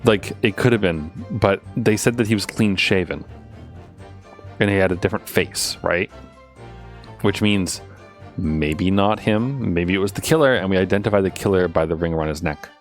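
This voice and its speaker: A man's voice: sits low, normal speed, faint music behind. A man streaming a courtroom game, thinking aloud in casual, muttered commentary.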